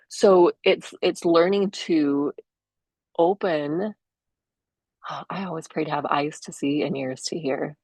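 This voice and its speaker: A chatty middle-aged woman talks through her own podcast in a low voice, recorded dry and close over a video call. She laughs often and leaps up in pitch whenever she acts out someone else. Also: creaky, a little mellow, breathy edge, no echo. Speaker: podcast host. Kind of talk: casual solo podcast monologue.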